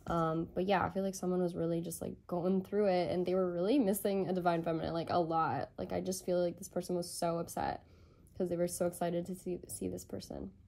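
A woman's voice: lowish voice, level tone, fairly quick, gravelly, warm tone. A woman giving a channeled tarot reading, rambling and tentative as she thinks aloud. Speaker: tarot reader.

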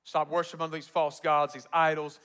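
A man voicing God, who gives brisk, blunt orders in a quick run of words. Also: a little high, little pitch movement, a bit bright, clean tone, in a large hall, natural voice. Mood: commanding. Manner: brisk, blunt, rapid instructions. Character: commanding divine voice giving blunt orders.

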